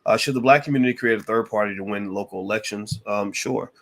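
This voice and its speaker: A man hosting a podcast, reading viewer questions aloud and answering them in a relaxed, conversational way with lots of fillers. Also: on the low side, quick pace. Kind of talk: casual live Q&A.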